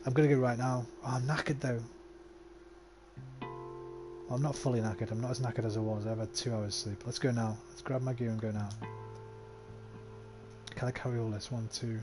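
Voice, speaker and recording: A man's voice: medium pitch, steady tone, moderate pace, pauses often, music in the background. A man giving casual let's-play commentary, talking to himself and swearing freely. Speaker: gaming livestreamer.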